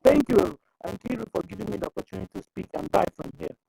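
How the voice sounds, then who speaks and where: A woman's voice: medium pitch, racing, gravelly, over music, low-quality recording. A woman speaking on an online group call, rambling and repeating "you understand?". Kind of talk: emotional call-in speech.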